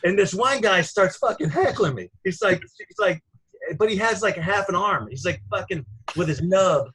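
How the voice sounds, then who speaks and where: Husky-voiced man comedian telling a rowdy story. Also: high-pitched, expressive, normal speed, a bit bright, low-quality recording. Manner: profane, rambling, laughs at his own story. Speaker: stand-up comedian, guest. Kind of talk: casual storytelling.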